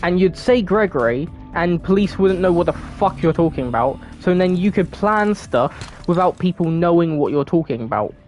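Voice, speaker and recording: A woman's voice: lowish voice, expressive, moderate pace, hardly any pauses, darkish tone, soft background music. A woman with a southern English accent, from England, chatting casually while streaming a game, sweary, giggly and rambling.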